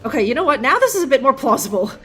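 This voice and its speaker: A woman's voice: high-pitched, very animated, racing, sharp tone, faint music behind. A young woman streaming a game live, joking and rambling with lots of fillers. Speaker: livestream gamer. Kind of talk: casual live gameplay commentary.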